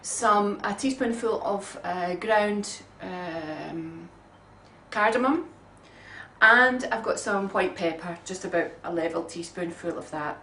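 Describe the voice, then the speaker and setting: A woman's voice: fairly low pitch, takes it slowly, pushed and bright, slight background noise. A woman talks through a recipe in her home kitchen, casual and homely, with plenty of ums. The sound is roomy and comes from a distant mic, with faint ambience behind her. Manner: chatty, homely, many ums. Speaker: home cook. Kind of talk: casual cooking demonstration.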